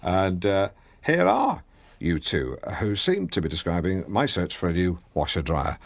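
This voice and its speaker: A man's voice: deep voice, very animated, moderate pace. A man hosting a comedic radio show in a studio, pompous and often stumbling over his words. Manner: pompous, fumbling, stammering. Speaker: radio host.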